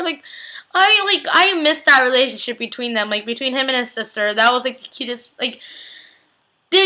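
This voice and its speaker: A young woman with a high-pitched voice recaps a TV episode, excitable and chatty, saying "like" constantly and acting out reactions.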